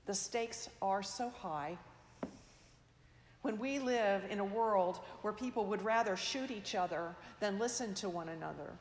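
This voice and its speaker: A woman preaching a sermon in a slow, measured, reflective way, her phrase endings trailing off softly. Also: medium pitch. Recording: echoey hall, long reverb.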